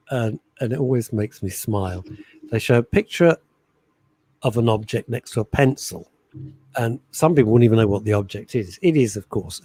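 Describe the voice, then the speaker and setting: A middle-aged male radio host with a slightly husky voice that swings up and down a lot as he tells stories. He chats casually and sometimes breaks into little sung jingles. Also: medium pitch, no echo, poor audio. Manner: animated storyteller, sings jingles and little musical stings. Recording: radio studio.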